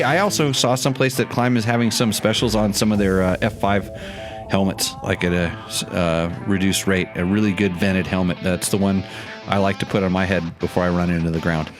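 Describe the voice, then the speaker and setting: A man's voice: on the low side, steady tone, a little fast, over music. A man hosting a casual tech chat show, rambling and joking as he thinks aloud with lots of fillers. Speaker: show host.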